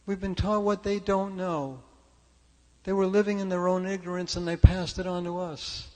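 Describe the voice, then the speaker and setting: A man's voice: high-pitched, steady tone, normal speed, big-room sound. An older man giving a conversational, story-filled sermon at a church service. He talks in a chatty, self-deprecating way and often restarts his sentences. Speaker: speaker at a spiritual church service. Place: church sanctuary.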